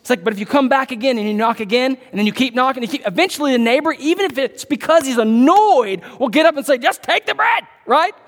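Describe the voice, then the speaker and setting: A man preaching a sermon as pastor, emphatic and repetitive, swinging from loud, drawn-out lines to hushed, close asides. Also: extremely high pitch. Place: church. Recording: church hall with long reverb.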